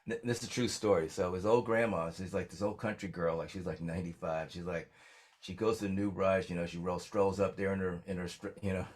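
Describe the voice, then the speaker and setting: Deep-voiced rambling male songwriter. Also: steady tone, brisk, darkish tone. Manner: rambling storyteller, lots of fillers. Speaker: songwriter guest. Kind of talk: casual interview chat.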